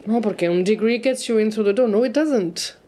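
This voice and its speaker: A woman in her forties with a Gibraltarian accent and a voice pitched a little high. She co-hosts a relaxed chat show, talking bluntly with a dry sarcastic edge. She slides between English and Spanish within a sentence. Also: brisk. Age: 40s. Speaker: co-host. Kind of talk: casual chat.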